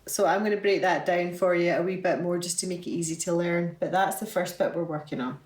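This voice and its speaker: A young woman with a fairly low, steady voice leads a beginner fiddle workshop online, speaking a little fast. She is patient and encouraging and counts the notes out loud. She sits far from the mic in an echoey room, with loud fiddle music playing behind her.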